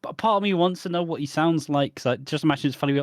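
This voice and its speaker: A man's voice: on the high side, no room sound, clean studio sound. A young man with a Birmingham accent, co-hosting a casual podcast chat with joking, swearing asides. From West Midlands. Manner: jokey, swearing, quick asides. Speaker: podcast co-host.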